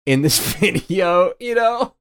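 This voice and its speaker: Male co-host, 30s, rambling, profane, restless; voice sits a bit high with lively swings. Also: slow pace, smooth. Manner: rambling, swears freely, many restarts. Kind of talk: casual chat.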